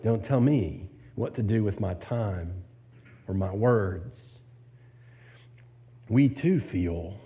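A man preaching an expository sermon, asking the listeners rhetorical questions and rising in pitch on his points of emphasis. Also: dark tone.

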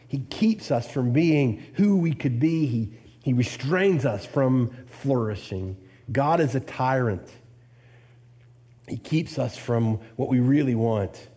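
A man preaching an expository sermon, asking the listeners rhetorical questions and rising in pitch on his points of emphasis. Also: mellow.

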